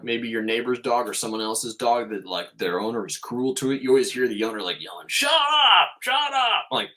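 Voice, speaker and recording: A man's voice: medium pitch, a bit bright. A man hosting a podcast, giving a casual spiritual monologue in an emphatic way and swearing freely.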